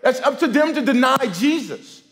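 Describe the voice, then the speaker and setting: High-voiced animated male preacher. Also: moderate pace. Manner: animated storytelling, swings from loud to hushed. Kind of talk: sermon. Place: church sanctuary.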